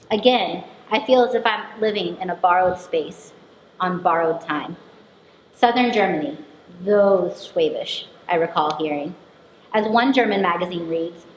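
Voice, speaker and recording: Woman narrating an introspective memoir. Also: medium pitch. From United States. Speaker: performer. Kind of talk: autobiographical spoken performance. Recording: echoey room recording, faint hiss.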